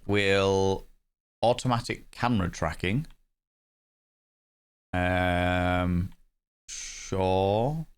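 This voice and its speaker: A man with a low-sitting, slightly bright, clean-toned voice streams a game, offering casual live-stream commentary. He is chatty, rambling and self-mocking while setting up his settings.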